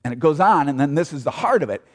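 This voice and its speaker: A man's voice: fairly high pitch, expressive, quick pace. A man preaching a sermon as pastor, emphatic, asking rhetorical questions and repeating key phrases. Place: church sanctuary. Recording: long church reverb.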